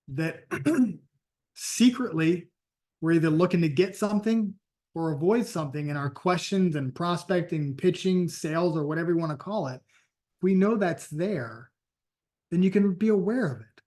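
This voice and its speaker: Casting: man, sales coach, emphatic storyteller, voice sitting a bit high. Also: animated, a little slow, pauses often, darkish tone. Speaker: sales and network marketing coach. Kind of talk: motivational training talk.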